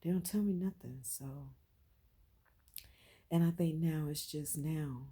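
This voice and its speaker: Low husky woman talking from the heart. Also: slow pace. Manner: heartfelt, swings from quiet to loud and emphatic, repeats phrases. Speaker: vlogger. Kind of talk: emotional personal vlog.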